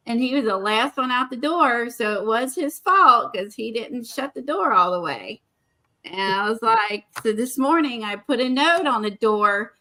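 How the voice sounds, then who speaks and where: A woman with a bright, forceful voice, chatting casually to her viewers. She tells a long personal story loosely, with frequent fillers and restarts. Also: fairly high pitch, lively intonation, moderate pace. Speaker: art vlogger. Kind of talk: casual chat.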